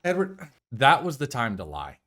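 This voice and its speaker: A man reacting live to a movie, his voice sitting at a middle pitch but swinging up and down a great deal as he talks. He is sarcastic and swears freely, ranting and joking about the scenes in a casual, animated way. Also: normal speed. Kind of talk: casual live film commentary.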